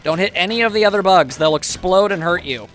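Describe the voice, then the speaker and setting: A man talks through a video game as he plays, wry and chatty, poking fun at his own mistakes. His voice sits high and bounces around a lot, with a bright, forceful edge. Faint game music plays beneath him. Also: expressive, fairly quick. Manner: chatty, wry, self-mocking asides. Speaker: gameplay commentator. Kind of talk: casual let's play commentary.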